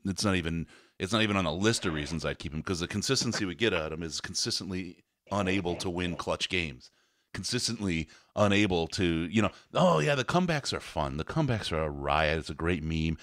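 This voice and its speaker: A man's voice: low voice, animated, brisk, fairly bright tone, no echo. A man hosting a sports podcast, ranting angrily and swearing as he breaks down a loss. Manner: angry, profane ranting. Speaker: podcast host. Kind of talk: heated postgame sports talk.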